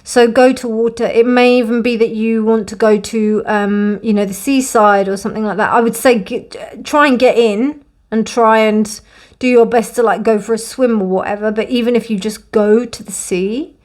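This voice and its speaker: Young woman doing a tarot card reading, gentle and reassuring, a bit emotional. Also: a little high, fairly even intonation, normal speed. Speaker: tarot reader. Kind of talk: casual spoken tarot reading.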